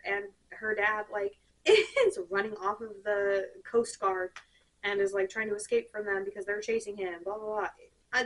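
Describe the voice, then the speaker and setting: A woman's voice: medium pitch, far from the mic, rough recording. Sarcastic young woman ranting about books. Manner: animated, sarcastic, rambling with frequent "like". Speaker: book reviewer. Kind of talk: casual rant.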